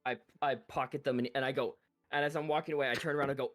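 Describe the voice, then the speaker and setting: Man playing a fast-talking merchant. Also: mid-range voice. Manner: salesman patter, flattering. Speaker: player. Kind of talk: tabletop role-play, playing a smooth-talking merchant.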